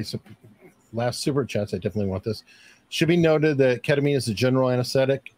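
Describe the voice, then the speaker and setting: A man's voice: medium pitch, darkish tone. A man hosting a casual livestream discussion, reading viewer messages with many fillers and restarts. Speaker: livestream host reading super chats.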